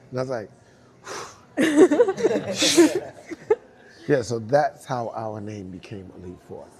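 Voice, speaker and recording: A middle-aged man, a dancer telling a lively story and acting out the voices of the people in it. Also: medium pitch, slow, pauses often. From Brooklyn, New York. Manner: acts out both sides of dialogue, laughing often. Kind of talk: animated storytelling.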